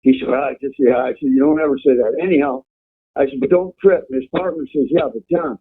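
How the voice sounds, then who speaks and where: A man's voice: mid-range voice, fairly even intonation, quick pace, breathy edge. A man telling rambling, profane stories as a guest in a casual chat. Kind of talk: casual storytelling. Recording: tinny phone line.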